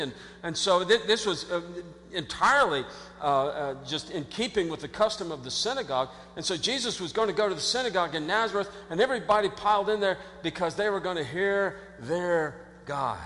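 Pastor guy giving a chatty sermon, pretty high voice, lots of church hall echo. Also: brisk. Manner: animated, conversational, acts out quotes, frequent restarts. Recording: long hall reverb.

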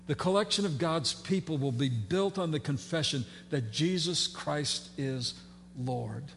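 A man delivers a sermon in a relaxed, folksy way, full of fillers and teasing asides to the congregation. His voice sits fairly high for a man. The sound carries a long church reverb with a faint hum underneath. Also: measured pace. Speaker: pastor. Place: church sanctuary.

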